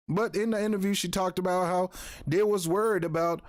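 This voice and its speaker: A man's voice: high voice, steady tone, a little fast, no room sound, clean studio sound. A middle-aged man with a New York accent giving blunt, rambling commentary on a vlog, often repeating himself. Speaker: YouTube commentator.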